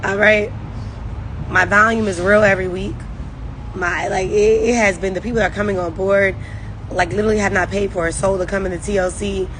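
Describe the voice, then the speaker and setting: A woman's voice: mid-range voice, steady tone, brisk, a bit bright, slight background noise, rough recording. A woman leading a network marketing team, giving a rambling, emphatic, faith-driven pep talk on a phone livestream.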